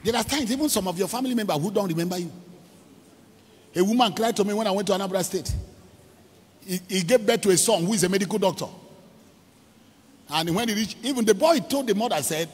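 In a large church hall, an evangelist preacher with a Nigerian accent delivers a sermon, telling a story, acting out its quotes, leading shouted prayers and slipping into pidgin. His voice sits high and animated, fast with frequent pauses and a breathy edge. A long reverb tail trails his words.

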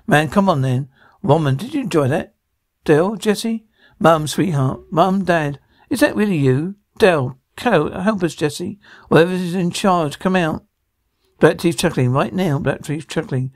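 A man's voice: fairly high pitch, a little slow, dry recording, clean studio sound. A man reading every part of a drama aloud, sound cues included, with slips and restarts. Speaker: radio show reader voicing a TV drama.

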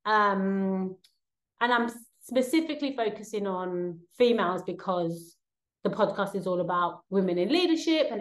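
A woman's voice: mid-range voice, roomy sound. A woman hosting her own podcast, talking casually at home in a rambling way with many fillers. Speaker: podcast host. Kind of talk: casual solo vlog chat. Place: home, with a cat nearby.

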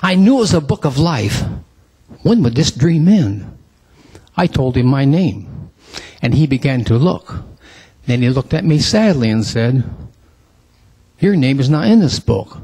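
A man reciting a dramatic religious poem in church, emotional and pleading, with a husky voice. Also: medium pitch, lively intonation, unhurried, dark tone. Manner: emotional, pleading, rising to cries.

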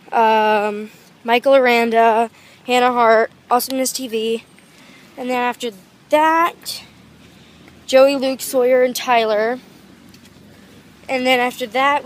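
Giddy high-voiced teenage girl vlogging. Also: a little hiss or hum. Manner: gushing, fast, giddy. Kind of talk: excited casual vlog. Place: convention and car. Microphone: handheld phone.

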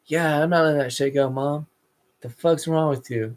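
A man ranting casually to his viewers, cursing often and swinging between low mutters and sudden outbursts. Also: fairly even intonation, moderate pace. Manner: profane, erratic, drifting between mumbles and outbursts. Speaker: vlogger. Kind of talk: rambling casual rant.

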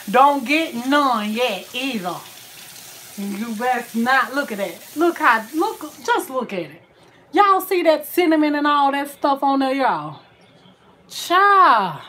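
A young woman, chatting casually to her viewers while showing her home cooking, full of exclamations. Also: fairly high pitch. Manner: animated, exclaims "child, honey" often. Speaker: cooking vlogger.

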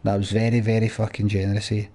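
A man's voice: lowish voice, monotone, rapid-fire, warm tone. A man streaming a video game, thanking donors one by one with crude, sweary banter. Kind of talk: casual live-stream chat.

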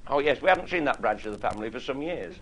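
A man's voice: mid-range voice, expressive, very fast. A middle-aged man, telling bawdy comic stories to an audience and chuckling at his own jokes. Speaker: after-dinner speaker. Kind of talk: comic storytelling monologue. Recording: noisy vintage 1960s live tape.

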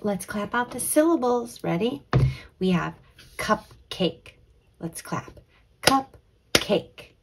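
Young woman, kids' teacher, breathy and slow, gentle, drawn-out, half-whispered asides. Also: medium pitch, animated. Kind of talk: children's letter lesson.

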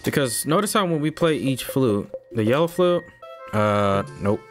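A man casually commenting as he plays a game, talking to himself and reacting loudly. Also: medium pitch, animated, measured pace. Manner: talks to himself, hums melodies, jumpy reactions. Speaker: streamer playing a game. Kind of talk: casual let's-play commentary. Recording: game music playing behind.

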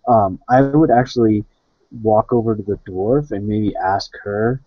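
A man's voice: lowish voice, unhurried, no room sound. A man casually talking as a player in a tabletop game. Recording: muffled dry online voice chat.

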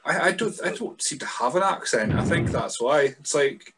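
A man with a light Scottish accent hosting a casual podcast chat over a remote call, self-mocking and quick, with lots of stammered restarts and the odd swear. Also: on the high side, lively intonation, background noise. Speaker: podcast host.

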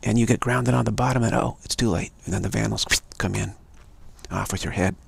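A man's voice: lowish voice, fairly even intonation, brisk, creaky, husky, no echo. A man giving an emphatic, repetitive live-streamed monologue, warning his listeners again and again. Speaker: speaker of a live-streamed show.

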